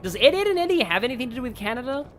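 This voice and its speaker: A let's play streamer chatting loosely over a game, wandering between topics and reading chat aloud with many ums and likes. The pitch swings lively up and down, with faint game music underneath. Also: very fast. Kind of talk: casual let's play commentary. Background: game audio.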